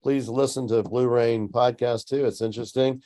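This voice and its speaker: A man hosting a podcast interview in a relaxed, chatty way, often letting his sentences trail off softly. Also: mid-range voice, moderate pace. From Tucson, United States. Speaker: podcast host. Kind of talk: casual interview chat.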